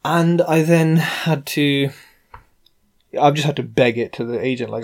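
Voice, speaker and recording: A man hosting a podcast, ranting in an animated, sarcastic and exasperated way. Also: a little high, normal speed. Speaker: podcast host, property investor. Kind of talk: casual ranting monologue.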